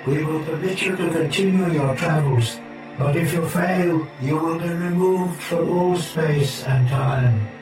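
A man's voice: a little high, measured pace, voice pushed up, natural voice. A man voicing ominous bodiless entities. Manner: solemn, threatening pronouncements. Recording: echoey distant voice over music.

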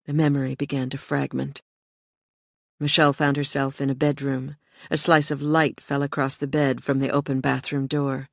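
A narrator reading an audiobook in a steady, measured way. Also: mid-range voice, vocal fry, no echo, clean studio sound.

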